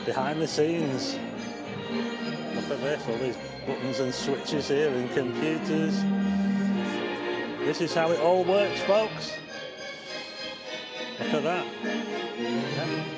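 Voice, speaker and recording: A man walking through a large theatre, giving an excited, chatty tour commentary to his viewers. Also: on the high side, takes it slowly, long pauses, over loud music. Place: large theatre backstage and stairwells, indoors.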